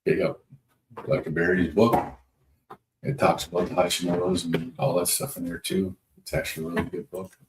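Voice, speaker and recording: Low voiced guy rambling on a livestream, laid back folksy talk, echoey room. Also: flat delivery, a little fast. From North Dakota. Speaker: livestream host. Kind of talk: casual livestream chat reading comments. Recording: echoey room with faint noise.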